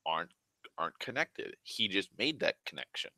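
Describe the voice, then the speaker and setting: A man's voice: fairly low pitch, sing-song, moderate pace, pushed and bright, no echo. A young man hosting his own show, talking in a loose, rambling monologue full of "like", restarts and swearing. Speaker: online show host.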